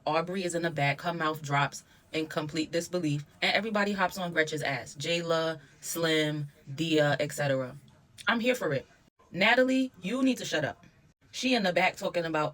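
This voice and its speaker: Deep-voiced woman ranting about a reality show, blunt, cusses a lot. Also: normal speed, fairly bright tone. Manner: opinionated, blunt, swears freely. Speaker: reality TV reviewer. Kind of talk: casual commentary.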